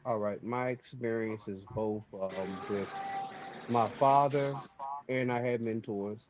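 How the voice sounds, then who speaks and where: A man joining a panel by video call, speaking in a measured, reflective way. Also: lowish voice, steady tone, a little mellow, slight background noise. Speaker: panel guest. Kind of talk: panel conversation. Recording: dull lo-fi call audio.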